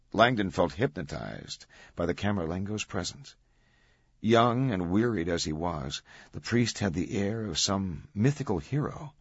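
Deep husky guy reading an audiobook, steady pace, dry dull-ish recording. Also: dry recording. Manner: measured, even storytelling. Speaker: audiobook narrator. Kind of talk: scripted narration.

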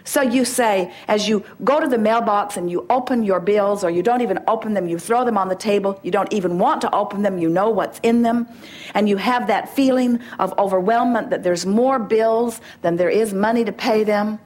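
A woman's voice: medium pitch, moderate pace, darkish tone. A middle-aged woman giving an emphatic inspirational talk to a gathering, acting out little dialogues to make her points. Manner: emphatic, playful, acts out dialogues. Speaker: spiritual teacher.

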